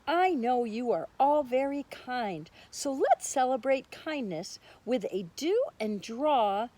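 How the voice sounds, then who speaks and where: A kind woman teacher from a picture book, speaking to her class, as a woman reads her. Her voice lifts a bit above the reader's own and stays encouraging. She is patient and gentle. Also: sits high, animated, slow, exaggerated voice.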